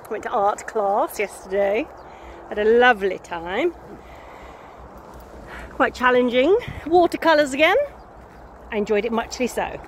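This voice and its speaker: A woman's voice: fairly high pitch, a little hiss or hum. A woman in her fifties with a Nottingham accent, chatting casually and whimsically to camera while walking outdoors. She is a little sniffly and plays with made-up words. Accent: Nottingham English. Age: 50s. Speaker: vlogger. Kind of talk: casual rambling chat to camera. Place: outdoors on a country lane, walking.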